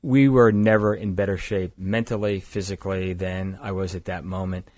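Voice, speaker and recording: A man's voice: sits low, little pitch movement, normal speed, darkish tone, no room sound, studio quality. An older man from the East Coast of the United States, a guest on a podcast, telling a long story in a matter-of-fact way. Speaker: guest, climbing gear company founder. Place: indoors across a table.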